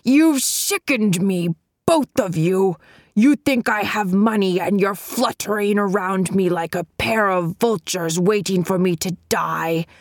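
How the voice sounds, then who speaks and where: A woman's voice: medium pitch, animated, a little slow, few pauses, dry recording, studio quality. A woman voicing a stern, frail old man with a long beard who speaks testily and thunders when angered. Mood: furious.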